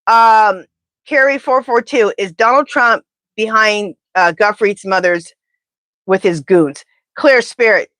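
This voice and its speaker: A woman doing a live pendulum reading, talking in an animated, indignant, chatty way. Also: mid-range voice, no echo. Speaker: tarot reader.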